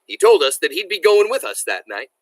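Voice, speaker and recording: A man reading a novel aloud as a teacher, animated and enthusiastic, stopping to explain words to his listeners. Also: on the high side, a little fast, no room sound, poor audio.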